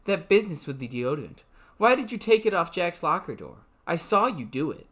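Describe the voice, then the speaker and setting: Cool, commanding teen girl, read by a man, voice a touch higher. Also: very animated, a little fast, fairly bright tone. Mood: demanding. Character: popular teenage schoolgirl, cool and commanding.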